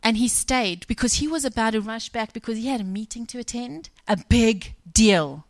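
A woman's voice: fairly high pitch, moderate pace, no echo. A woman preacher telling a story in a conversational sermon, acting out the dialogue of the people in it. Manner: conversational, retells scenes with quoted dialogue. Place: church.

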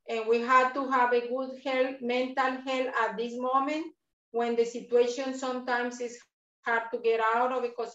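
A woman leading a guided breathing and chair yoga class over a video call, speaking slowly and encouragingly and repeating her instructions. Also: on the high side. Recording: roomy, distant, dull video-call sound.

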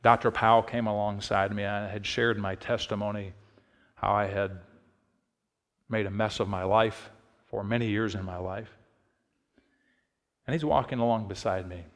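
A middle-aged male pastor preaching a sermon, telling a personal story in an easy tone and rising to emphatic, shouted peaks. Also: on the low side, steady tone, normal speed, pauses often, in a large hall. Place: church sanctuary.

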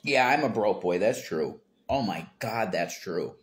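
A man's voice: on the low side, expressive, measured pace. Man, livestream host, casual chat, rambling, blunt, profane, phone mic, at home.

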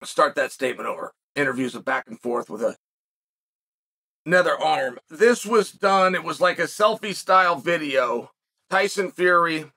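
Bright, high-voiced man musing aloud. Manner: reflective, rhetorical questions, frequent restarts. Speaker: podcast host. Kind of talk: commentary monologue.

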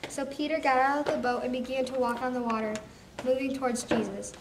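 A woman narrates a scripture passage for a church skit. She reads aloud and sometimes stumbles and restarts. Her fairly high voice comes from a distance in an echoey hall with clear background noise. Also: fast talker.

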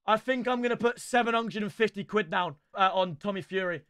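A young man giving excitable live commentary on a football video game, chatting with his viewers and bursting into shouts. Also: high-pitched, a little fast, clean tone, dry recording. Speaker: streamer.

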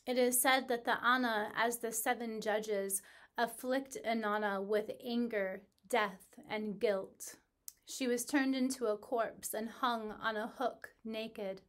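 Woman telling a myth slowly and solemnly. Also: on the high side, fairly even intonation, fairly bright tone. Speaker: spiritual teacher and coach. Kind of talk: calm, measured mythological storytelling.

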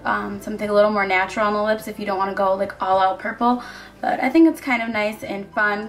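A young woman narrating a makeup tutorial in a chatty, upbeat voice-over. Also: mid-range voice. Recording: voice-over with soft background music.

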